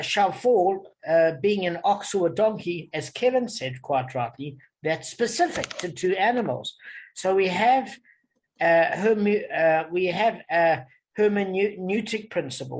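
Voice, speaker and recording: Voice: medium pitch, poor audio. A person leading a casual study session, explaining step by step with many fillers. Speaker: study leader. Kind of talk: casual teaching.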